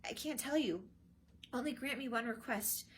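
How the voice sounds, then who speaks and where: A woman's voice: a little high, normal speed, a little hiss or hum, voice pushed up, natural voice. A woman doing an intense young prince. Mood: urgent. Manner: urgent, commanding.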